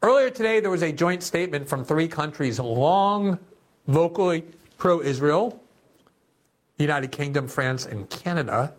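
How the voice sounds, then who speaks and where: A man's voice: on the high side, expressive, a little slow. A man hosting political commentary, reading news quotes aloud and adding indignant, sarcastic remarks. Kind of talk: opinionated commentary on news clips.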